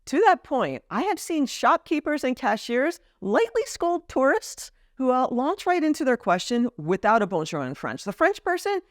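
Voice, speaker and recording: A woman's voice: sits high, big pitch swings, normal speed, hardly any pauses, no room sound, studio quality. A woman vlogger casually explaining etiquette, now and then acting out short example lines.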